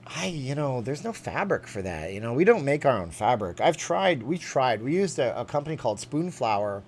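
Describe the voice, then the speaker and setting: A man from Canada chats his way through a live stream, answering viewers as he goes. His delivery is loose and rambling, hopping from one thought to the next, and his pitch rises and falls freely. A faint ambient hum sits behind him. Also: normal speed, few pauses. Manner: chatty and animated, jumping between topics.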